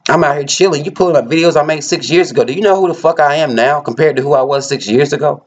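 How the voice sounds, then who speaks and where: A man's voice: fairly high pitch, quick pace, highs cut off. A middle-aged man delivering a heated, profane rant straight to camera. He repeats himself and confronts his target head-on. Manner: angry, profane, repetitive, confrontational. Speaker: video blogger.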